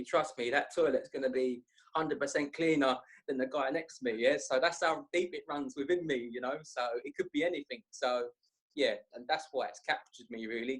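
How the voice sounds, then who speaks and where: A young man, telling rambling, animated stories in a casual podcast chat. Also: medium pitch. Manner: rambling, animated, slangy storyteller. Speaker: podcast guest.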